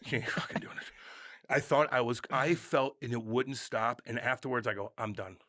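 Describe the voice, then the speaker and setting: A man in his thirties from the St. Louis area, co-hosting a podcast and telling an animated story full of swearing and acted-out yells. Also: mid-range voice, moderate pace, a little hiss or hum. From St. Louis area, USA. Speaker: podcast co-host. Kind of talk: casual podcast chat.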